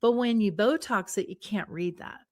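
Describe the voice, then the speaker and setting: Middle-aged female psychologist guest, mid-range voice, animated explainer who acts out her examples. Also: medium pitch, moderate pace. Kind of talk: explanatory interview talk.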